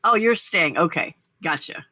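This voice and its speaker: An older woman hosts a late-night crafting livestream in an unhurried, easygoing way, laughing often as she greets viewers and answers their comments. Her voice is bright and clear, and the sound is dry and close. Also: on the low side, expressive, no echo. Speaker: livestream host.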